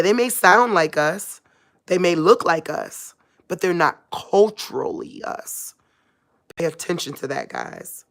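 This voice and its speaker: A woman's voice: lowish voice, fairly bright tone. A woman vlogger talking casually to camera at home, laid-back and chuckling, in loose everyday speech.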